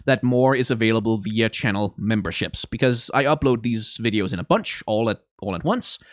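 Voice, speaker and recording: A man's voice: on the low side, normal speed, no echo. A man hosting a let's play video, chatting casually in a rambling, self-deprecating way. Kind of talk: casual commentary.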